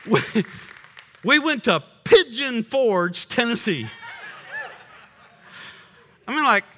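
An older man, a pastor preaching a sermon, swinging between loud punchy lines and quiet low drops. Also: sing-song, slow, a faint crowd, slight background noise.

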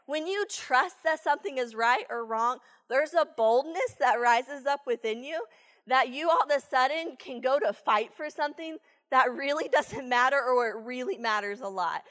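High-voiced woman telling a sermon story. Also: moderate pace, big-room sound. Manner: animated, chatty, many "like"s. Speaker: church speaker, former teacher.

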